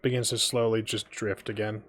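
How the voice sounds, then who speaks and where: A man narrating as game master, relaxed and full of ums and restarts. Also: lowish voice, normal speed. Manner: loose, filler-heavy narration with frequent ums.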